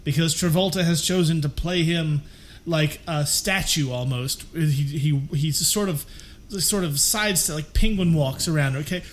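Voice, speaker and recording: A man's voice: a little high, measured pace. A man co-hosting a podcast, ranting animatedly about a movie and acting out characters in silly voices. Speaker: podcast co-host. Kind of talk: casual movie-review chat.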